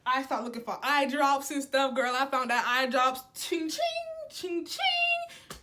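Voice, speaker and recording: A young woman vlogger telling a story in a casual, slangy way, jumping between loud outbursts and low asides. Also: fairly even intonation, normal speed.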